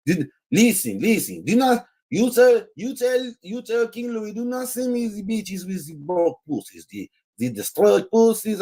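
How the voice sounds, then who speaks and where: A man doing a vulgar, pompous French colonial official, all exaggerated mock French accent and high, swooping demands. The voice jumps well above his usual pitch and lurches around, at times sounding set back from the mic. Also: darkish tone, husky, exaggerated voice.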